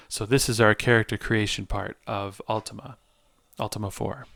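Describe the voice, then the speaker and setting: A man's voice: on the low side, fairly even intonation, moderate pace, creaky, few pauses, fairly bright tone, no echo. A man hosting a let's play, reading game text aloud and explaining with hesitant fillers as he searches for words.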